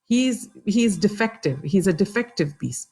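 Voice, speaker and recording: A woman's voice: medium pitch, expressive, unhurried, mellow, pitched above the performer's own voice. A woman voicing a blunt adult male pet shopkeeper in a told story, matter-of-fact and talking down kindly.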